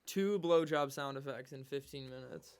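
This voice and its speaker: A man's voice: medium pitch, normal speed, clean tone. A young adult man co-hosting a podcast in casual chat, cracking crude jokes and saying dude a lot. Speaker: podcast co-host.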